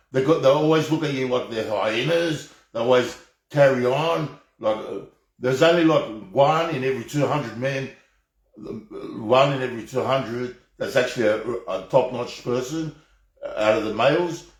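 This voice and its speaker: A man's voice: mid-range voice, moderate pace. Heated, swearing Australian man, echoey. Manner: heated, rambling, heavy swearing, repeated restarts. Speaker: live stream host. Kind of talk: profane off-the-cuff rant. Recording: echoey room.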